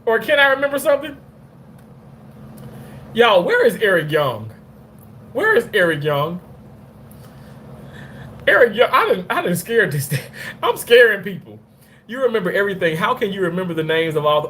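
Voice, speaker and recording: A man's voice: high voice, normal speed, pauses often, a little hiss or hum. A man hosting a casual livestream chat, cursing freely, laughing often and talking back to comments from viewers. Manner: animated, profane, laughs often. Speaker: livestream host.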